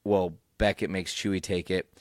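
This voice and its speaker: A young man hosting a podcast alone, recapping excitedly, rambling and swearing freely. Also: low voice, normal speed, no room sound, clean studio sound. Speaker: podcast host. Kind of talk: casual solo recap.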